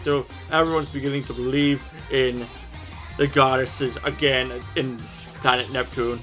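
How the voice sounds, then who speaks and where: A man's voice: medium pitch, steady tone, measured pace, bright, forceful tone, faint music behind. A man giving a casual, irreverent episode recap of an anime, joking and swearing freely.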